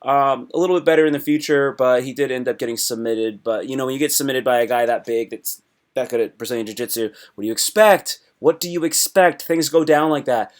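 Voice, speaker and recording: Excitable man hosting a fight-recap stream. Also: mid-range voice, fast. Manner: excitable, jumps between topics, reads live chat aloud; animated with sudden loud yelps and imitations. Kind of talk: casual live stream chat.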